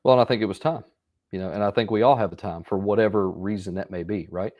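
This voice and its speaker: A man with a fairly low voice speaks as a counselor guest on a podcast. He answers in a reflective, measured way, keeping the tone conversational. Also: darkish tone. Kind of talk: casual conversation.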